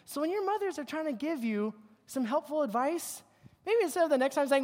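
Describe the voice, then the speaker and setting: A youth pastor giving a joking, animated sermon to a group of kids, working through slides and poking fun at teen habits. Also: mid-range voice, a little fast. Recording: long hall reverb.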